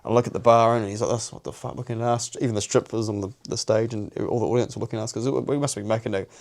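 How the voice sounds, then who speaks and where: A man's voice: fairly low pitch, steady tone, very fast, darkish tone. A young man, telling a personal story on a podcast in a blunt, sweary way. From New Zealand. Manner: blunt and sweary, peppering speech with "bro". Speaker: podcast co-host.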